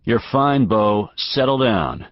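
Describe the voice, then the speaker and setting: A man's voice: low-pitched, lively intonation, moderate pace, dry recording, lo-fi sound. A man playing a curt, angry husband. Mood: commanding. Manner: terse, clipped, weary.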